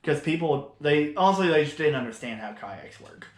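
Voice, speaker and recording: A man's voice: fairly high pitch, animated, moderate pace. A man co-hosting a casual podcast, talking in a laid-back way and laughing often. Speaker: podcast co-host. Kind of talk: casual chat. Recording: echoey room.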